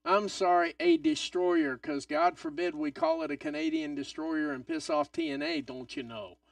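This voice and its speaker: A man hosting a live wrestling watch-along stream, excitable and swearing, swinging from loud outbursts to mutters. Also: extremely high pitch, normal speed, gravelly, no room sound, clean studio sound, far from the mic.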